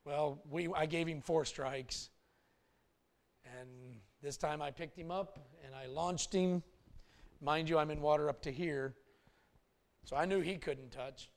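Brief: male pastor, fairly high voice, storytelling sermon, shifts between hushed and loud. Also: unhurried, pauses often. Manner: animated, swings from hushed to loud.

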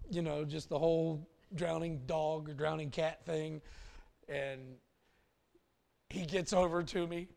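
A male pastor telling a personal story in a sermon, animated and swinging from hushed asides to loud bursts. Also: a little high, slow pace, creaky, pauses often.

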